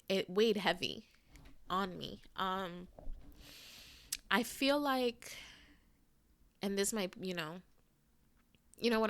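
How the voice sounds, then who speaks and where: A woman's voice: mid-range voice, bright, forceful tone. A young woman hosting her own podcast, talking candidly and casually, swearing now and then and getting teary. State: tearful, emotional. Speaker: podcast host. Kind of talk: casual solo podcast monologue.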